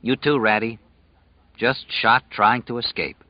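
A man voicing a calm, wry condemned prisoner at peace in an audiobook reading. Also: mid-range voice, a little slow, no echo, muffled recording, close to an everyday voice. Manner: calm, wry, quietly mocking.

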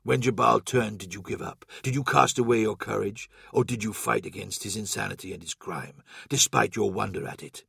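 A man doing a deep, soft-spoken war lord. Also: creaky, husky, dry recording, clean studio sound, exaggerated voice. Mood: fatherly. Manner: soft, slow and measured.

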